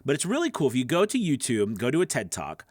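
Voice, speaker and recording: A man's voice: mid-range voice, wildly swooping pitch, fast, breathy edge, no room sound, clean studio sound. A man coaching voice actors in a casual, conversational teaching talk with plenty of asides. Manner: conversational, lots of fillers and asides. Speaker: voice acting coach.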